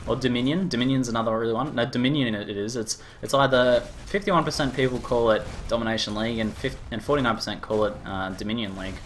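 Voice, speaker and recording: A man with an Australian accent chatting casually with viewers during a live game stream, rambling with lots of fillers and quick laughs. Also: medium pitch, a bit bright, a little hiss or hum. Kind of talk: casual live-stream chat while gaming.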